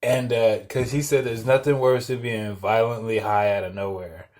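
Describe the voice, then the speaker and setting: A man's voice: fairly low pitch, fairly even intonation, normal speed, a little mellow. A young man, a podcast host, telling a loose, profane story in casual chat and laughing as he goes. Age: young adult.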